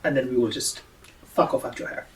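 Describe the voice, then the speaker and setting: A man's voice: a little fast, far from the mic, close to an everyday voice, poor audio. A man voicing a blunt, sweary male adventurer.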